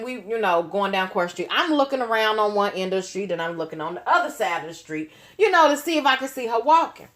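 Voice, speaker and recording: A woman spins a casual story for her channel. Her talk is lively and slangy, full of swearing. Her voice sits high and swings widely. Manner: animated, profane, slangy. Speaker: nail artist, channel host.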